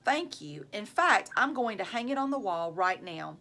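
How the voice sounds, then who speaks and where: A woman reading aloud, voicing a kind school counselor who talks in a soft, reassuring way. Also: mid-range voice, very animated, moderate pace. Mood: warm.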